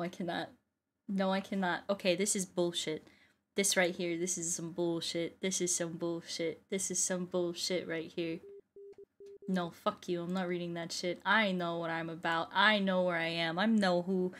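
A woman's voice: lowish voice, fairly bright tone. A young American woman streaming a game, chatting playfully with frequent swearing and sing-song exclamations. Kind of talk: casual gaming commentary.

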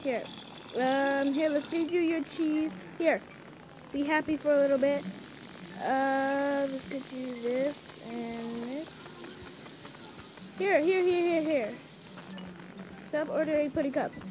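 Woman, high voice, frantic casual gameplay commentary, pleading to herself, clear sizzling game sounds underneath. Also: fairly even intonation, unhurried, noisy background.

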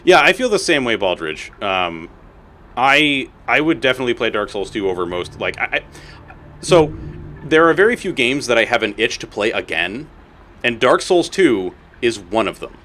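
A man streaming a game, chatting casually with viewers and talking to the creatures on screen, swearing and excitable. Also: mid-range voice, normal speed. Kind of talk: casual gameplay commentary.

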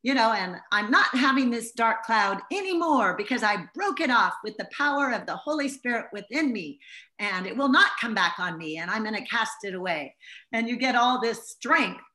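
A woman's voice: fairly high pitch, lively intonation, normal speed, pushed and bright. A middle-aged woman giving an informal Bible teaching to a small group, telling stories in an earnest, heartfelt way.

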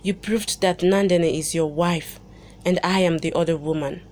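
A woman's voice: fairly low pitch, steady tone, normal speed, a little mellow, close to an everyday voice. A woman reading the lines of a hurt, angry young wife in an accusing tone.

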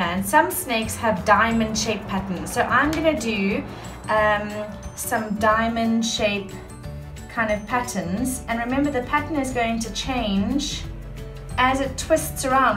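Brief: chatty woman teacher explaining crafts, roomy and distant, music behind. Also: on the high side. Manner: chatty, instructive, many fillers. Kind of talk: craft lesson for children.

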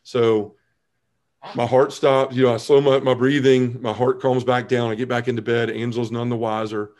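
A man in his forties, a podcast guest telling his conversion story in an earnest, animated way, acting out his past self. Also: mid-range voice, moderate pace.

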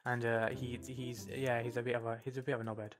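Comedy skit, young man as his future self, soft mumbles, faint music behind. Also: medium pitch, level tone, fast, close to an everyday voice. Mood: offhand. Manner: mumbling, hesitant, offhand.

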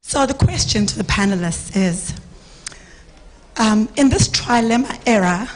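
A woman moderating a conference panel with a hoarse, worn voice, talking in a relaxed, chatty way with filler ums. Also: fairly high pitch, a little slow, low-quality recording. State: hoarse, losing her voice. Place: conference stage.

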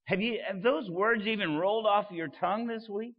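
A man preaching a sermon as pastor, swelling loud and dropping soft. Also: high voice, normal speed, in a large hall, highs cut off.

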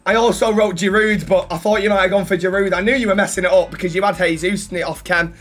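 Young man, high voice, loud and boastful, whoops and shouts, music playing faintly behind. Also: steady tone, quick pace. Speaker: gaming YouTuber. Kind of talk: excitable gaming banter.

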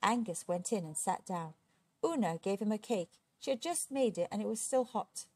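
A woman reading a children's storybook aloud, expressive and steady. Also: mid-range voice, moderate pace, breathy edge, dry recording. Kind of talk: children's book read aloud.

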